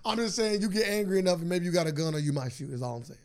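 Male podcast co-host, casual chat, quick and gravelly, slightly high voice. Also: expressive. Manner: talks over others, repeats phrases while building a point.

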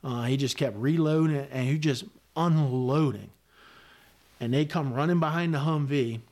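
A man's voice: mid-range voice, normal speed, darkish tone. A middle-aged man, a retired Army sergeant major, recounting a combat story as a podcast guest in blunt, vivid words with frequent fillers and swearing.

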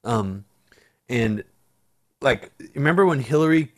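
A man's voice: mid-range voice, lively intonation, slow. A man talking politics in casual chat, swearing freely and restarting his sentences as he thinks. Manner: casual, profane, rambling with restarts.

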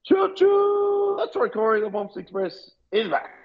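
A man's voice: sits high, steady tone, moderate pace, breathy edge. A man with an Australian accent, co-hosting a casual sports podcast with brash, sweary banter. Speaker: podcast co-host. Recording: tinny phone-like line.

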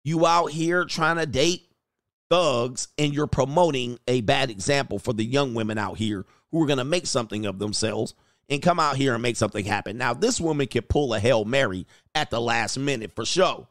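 A man's voice: medium pitch, animated, brisk, dry recording, clean studio sound. Mocking male commentary host. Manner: mocking, preachy, drawls words for effect. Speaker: livestream host reacting to news and reading super chats. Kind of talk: casual commentary.

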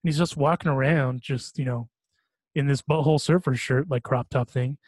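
At a moderate pace, the same casual podcast host meanders through his stories, laughing at them and restarting often amid many fillers. His middle-pitched voice is recorded dry and close, without room sound.

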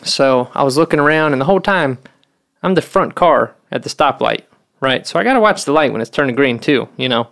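A man's voice: medium pitch, expressive, brisk, gravelly, fairly bright tone. A man telling a long story in casual chat, rambling and swearing, with lots of "you know". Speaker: podcast co-host.

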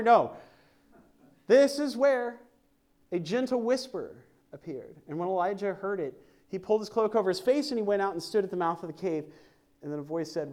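A man preaching a sermon at a church service, conversational and joking as he reads scripture aloud. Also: high voice.

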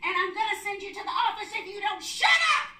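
A woman teacher yells a stern scolding at a student, her voice very high and piercing. The recording is echoey and distant, captured from across a classroom. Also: expressive, a little fast.

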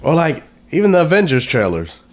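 Hoarse, sick-sounding male co-host. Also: a little high, wildly swooping pitch, brisk. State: hoarse from illness. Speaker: podcast co-host. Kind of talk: casual movie chat.

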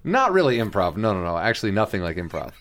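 A man co-hosting a casual comedy podcast, riffing, incredulous and quick to laugh. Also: lowish voice, sing-song, a bit bright. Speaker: podcast co-host.

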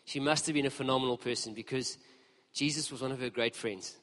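A preacher telling a story in a sermon, lively and conversational as he speaks to the congregation in a church hall. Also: mid-range voice, fairly quick. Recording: long reverb of a large hall.

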